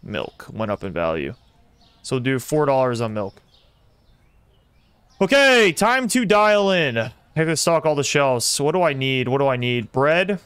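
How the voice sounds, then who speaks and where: A young man streaming a simulator game, commenting excitedly and talking to his chat as he plays. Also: mid-range voice, normal speed, clear, resonant tone, no echo. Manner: excitable, talks to chat while playing. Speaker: gaming streamer. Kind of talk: live gameplay commentary.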